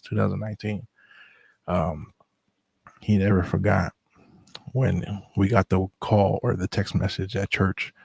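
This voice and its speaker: A middle-aged man telling personal stories in a relaxed, reflective way, with many fillers. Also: lowish voice, creaky, slightly rough, no echo. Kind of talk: casual storytelling chat.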